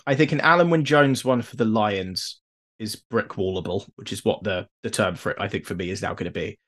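A man's voice: lowish voice, brisk, fairly bright tone. A man co-hosting a podcast, telling stories with enthusiasm and a few hesitant restarts. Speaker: podcast co-host. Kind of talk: casual chat.

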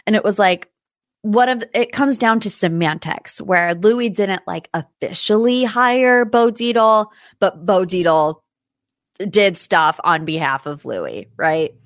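A woman's voice: mid-range voice, takes it slowly, dry recording. Chatty woman podcast host, dry sound. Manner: chatty, animated, does impressions of cast members. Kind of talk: casual recap monologue.

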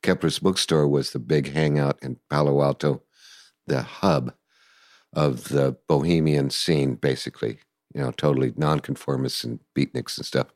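An older man telling stories in a casual interview, animated and acting out voices and sounds. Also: very deep voice, moderate pace, dry recording, clean studio sound. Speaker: guest musician recalling the past.

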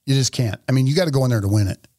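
A man co-hosting a casual podcast from an office, talking bluntly with plenty of profanity and animated storytelling. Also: medium pitch, very fast, dry recording, studio quality. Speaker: podcast co-host. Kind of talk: casual opinionated chat. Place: office studio.

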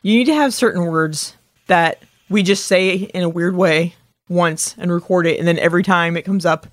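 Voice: medium pitch, normal speed, no room sound. A podcast co-host chatting casually, making wry, joking remarks. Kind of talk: casual chat.

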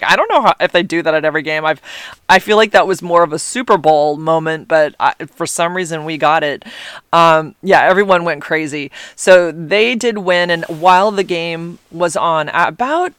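A woman's voice: fairly low pitch, moderate pace, fairly bright tone, clean tone, no echo. A middle-aged woman telling a story casually to her audience, gushing and rambling with many fillers. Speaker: vlogger, mother.

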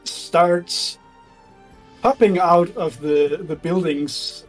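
A man narrating as game master of a tabletop game, animated and laughing often, halting with fillers. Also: a little high, soft background music, rough recording.

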